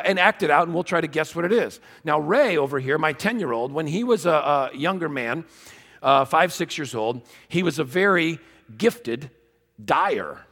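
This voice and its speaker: A man with a somewhat high, gravelly voice tells funny stories to a live audience, playful and self-mocking. His voice carries a long reverb from the large hall he speaks in. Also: a bit bright. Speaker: conference speaker. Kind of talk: humorous teaching talk to a live audience.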